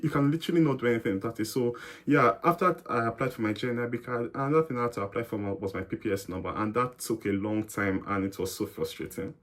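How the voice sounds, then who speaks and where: A young man from Nigeria, chatting as an interview guest, explaining at length with fillers and restarts and acting out little exchanges. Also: medium pitch. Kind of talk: casual interview chat.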